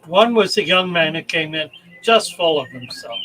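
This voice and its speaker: An older man hosting his channel, retelling personal anecdotes in a deliberate, emphatic way with heartfelt pauses. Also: sits high, expressive, sharp tone, a little hiss or hum, low-quality recording. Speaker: channel host. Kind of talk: storytelling anecdote.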